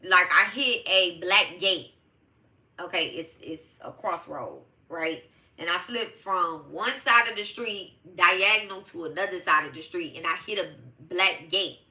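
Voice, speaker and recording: A woman's voice: on the low side, a little slow, sharp tone. A middle-aged woman from Detroit telling a personal story to her live audience in a casual, emphatic and profane way, calling them y'all. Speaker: host of a live tarot show.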